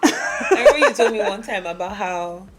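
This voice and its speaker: A woman's voice: medium pitch, animated, moderate pace, background noise. Affirming woman podcast host. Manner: affirming, with frequent murmured agreement. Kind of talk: conversational interview.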